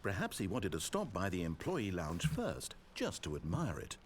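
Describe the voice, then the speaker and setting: A man with a posh English accent voicing a dry, mocking male narrator in a game, speaking in a measured, sardonic way. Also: low-pitched, huge pitch swings, husky, exaggerated voice. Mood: wry. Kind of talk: scripted narration.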